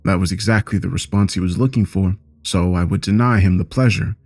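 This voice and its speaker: Low-voiced man narrating a horror story. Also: a little mellow. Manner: measured, first-person storytelling.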